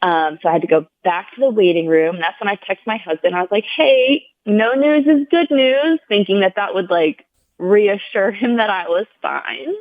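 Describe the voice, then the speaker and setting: A woman's voice: on the low side, brisk. A woman guest recounts a personal story in an earnest, heartfelt way, with many "like"s. She raises her voice to act out the people she quotes. The sound is thin and phone-like, with no room echo. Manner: earnest, heartfelt retelling, heavy use of "like". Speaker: podcast guest. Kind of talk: personal storytelling in a conversational interview. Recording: tinny phone-like sound, dry.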